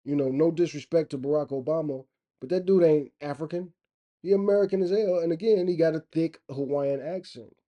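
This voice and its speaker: A man's voice: on the high side, fairly quick, dull audio. A man vlogging in a rambling, opinionated casual monologue. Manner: rambling, opinionated, loose and conversational.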